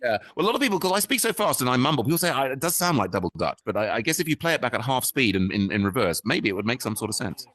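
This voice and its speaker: Male stand-up host, rambling self-mocking patter, quick and lively, bright headset sound. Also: medium pitch. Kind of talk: improvised stand-up to a virtual audience. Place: virtual-reality social world, talking into a headset.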